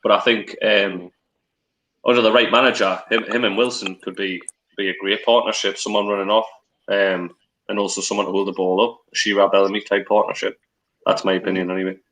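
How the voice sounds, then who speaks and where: A man's voice: lowish voice, little pitch movement, fairly quick, a bit bright, rough recording. A man on a video call, giving rambling, opinionated football talk on a live fan stream. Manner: rambling, opinionated, many restarts. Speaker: co-host on a live match-day fan stream. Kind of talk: casual opinionated football chat.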